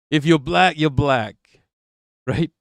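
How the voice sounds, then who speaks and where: A man's voice: a little high, no echo. A man hosting a livestream, reading viewer comments aloud and answering them in a rambling, profane way. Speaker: livestream host.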